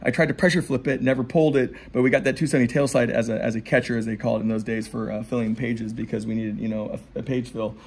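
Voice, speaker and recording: Fast-talking gravelly man telling stories. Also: medium pitch, fairly even intonation, darkish tone. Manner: rapid, profane, rambling anecdotes with many asides. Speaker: skateboarder and skate shop owner. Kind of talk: casual storytelling. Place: indoors in a skate shop.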